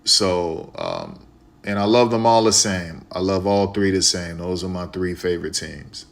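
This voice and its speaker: A man's voice: low-pitched, very animated, measured pace, gravelly. A man from Chicago streaming live, talking casually and repetitively to his viewers, with a preachy way of speaking.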